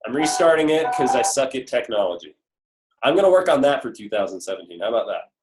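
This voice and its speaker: A man's voice: mid-range voice, sing-song, quick pace, soft background music, low-quality recording. A man leading a motivational team call, upbeat and self-mocking as he coaches his listeners on. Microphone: conference call.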